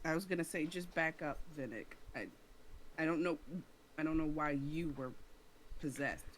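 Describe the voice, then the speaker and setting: A tabletop player speaks hesitantly and often starts over. The voice sits at a middle pitch. Faint noise is heard behind it. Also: normal speed, low-quality recording. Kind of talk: playing a tabletop game.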